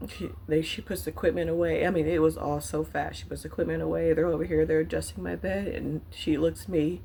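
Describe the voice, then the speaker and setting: A woman vlogger telling a personal story to the camera, candid and halting, with many fillers, at times choked up. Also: low-pitched, level tone, vocal fry, dark tone, slight background noise. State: choked up, near tears.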